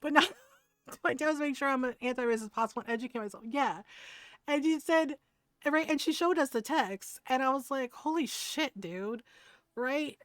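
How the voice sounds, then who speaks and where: A woman's voice: high voice, moderate pace, fairly bright tone, no echo. Chatty woman streamer, dry close sound. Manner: chatty storytelling, laughs often, swears freely. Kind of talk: casual chat while gaming on stream.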